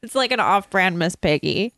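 Giggly woman host, lively pitch. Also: moderate pace, dry recording, studio quality. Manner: giggly, playful storyteller. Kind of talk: casual comedic chat.

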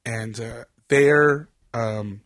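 A man's voice: medium pitch, extremely slow, a bit bright, no echo. A man telling a long, rambling story on a podcast, full of fillers and laughter. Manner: rambling, laughing, with many fillers and acted quotes. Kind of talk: casual storytelling chat.

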